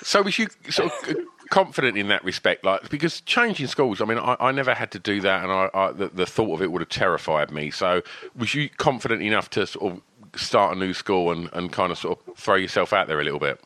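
Lively, bright-voiced male interviewer. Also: low voice, brisk, dry recording. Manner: friendly, informal, calls guest mate. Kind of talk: casual interview chat.

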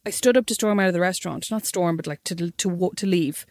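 A young Irish woman telling a story in casual chat, animated and swearing freely. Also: on the low side, quick pace, no room sound, clean studio sound. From Ireland.

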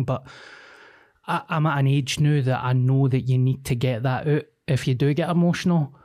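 A man's voice: medium pitch, brisk, darkish tone. A man in his thirties with a Scottish accent, telling personal stories frankly and with plenty of swearing in casual podcast chat. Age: 30s.

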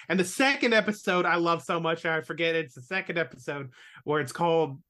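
A man's voice: on the high side, brisk, bright, forceful tone. A man hosting a podcast, chatting casually about episodes with many ums and casual swearing. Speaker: podcast host. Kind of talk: casual chat.

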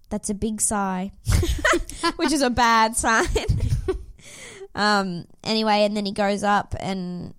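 A woman with a smooth, mid-range voice co-hosts a casual podcast, recapping a reality dating show. She's animated, laughing often and swearing freely. The recording is studio quality with no echo.

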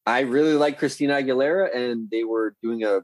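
A man's voice: medium pitch, brisk, no echo, poor audio. A man in his thirties telling rambling, profane stories in a casual chat, often correcting himself. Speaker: guest.

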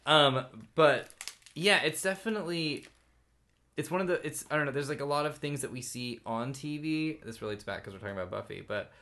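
A man's voice: a little high, fairly quick, sharp tone. A man co-hosting a podcast, chatting casually, joking and rambling with frequent laughs. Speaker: podcast co-host. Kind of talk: casual chat.

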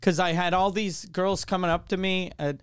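A man's voice: sits high, level tone, normal speed, smooth, no echo, clean studio sound. A man hosting a casual comedy podcast, telling profane, laughing anecdotes. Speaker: podcast host. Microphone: studio microphone.

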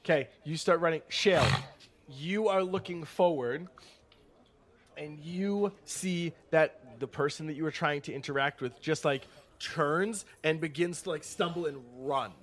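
A man narrating a tabletop game as game master, animated, with sudden shouted character bits. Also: a little high, measured pace.

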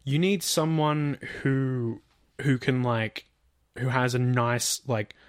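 A man's voice: medium pitch, fairly even intonation, takes it slowly, smooth, no room sound, studio quality. A man co-hosting a casual chat, retelling a story with many fillers, some swearing and acted-out quotes. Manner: rambling, lots of fillers, swearing, acts out quotes. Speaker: podcast co-host.

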